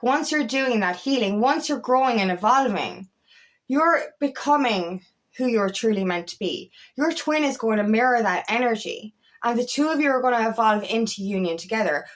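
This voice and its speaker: This is an off-the-cuff spiritual talk to camera from a twin flame coach who speaks directly, bluntly and emphatically to viewers, swearing without restraint. She has a slightly high, somewhat bright voice.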